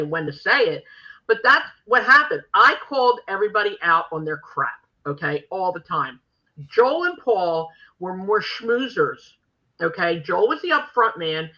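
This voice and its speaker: Brash older woman host, very bright voice. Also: mid-range voice, moderate pace, muffled recording. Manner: brash, animated storyteller acting out quotes. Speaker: podcast host. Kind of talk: casual storytelling chat.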